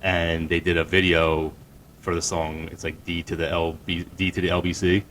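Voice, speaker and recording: Podcast co-host, a man with a very deep voice, rambling and hesitant, faint noise behind. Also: level tone, a bit bright. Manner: halting, hedging with fillers. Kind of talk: casual chat.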